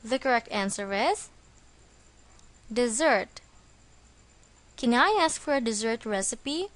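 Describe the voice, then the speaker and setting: A woman's voice: a little high, fairly bright tone. A woman reading a scripted English vocabulary lesson as the teacher, speaking carefully and stressing syllables.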